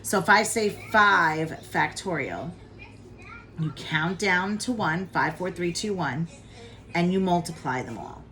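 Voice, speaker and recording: A woman's voice: lowish voice, expressive, unhurried, sharp tone. A woman teaching a college statistics lesson from her home, talking to viewers in a chatty, informal way. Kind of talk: casual recorded math lesson.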